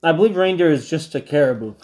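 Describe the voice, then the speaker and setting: A man's voice: fairly high pitch, animated, quick pace, a little mellow. Easygoing man in playful banter. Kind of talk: casual comedic banter.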